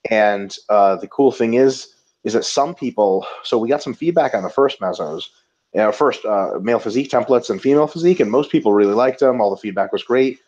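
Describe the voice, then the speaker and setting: A man co-hosting a casual webinar, joking and swearing as he tells animated stories. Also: medium pitch, a little fast. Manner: profane, joking, animated storytelling. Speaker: webinar co-host. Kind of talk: casual chat. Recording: dull lo-fi audio.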